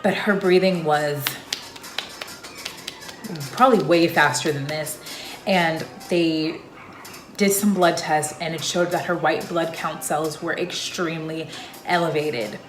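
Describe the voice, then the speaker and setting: Young woman vlogger, slightly low voice, chatty storyteller, roomy echo. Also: slow, pauses often, soft background music. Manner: chatty, loose, with frequent fillers. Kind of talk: casual personal storytelling to camera. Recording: echoey room.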